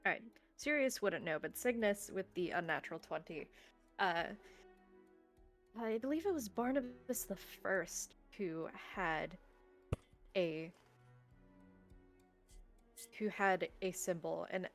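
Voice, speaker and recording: Low-voiced woman running a tabletop game. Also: animated, slow, long pauses, faint music behind. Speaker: game master.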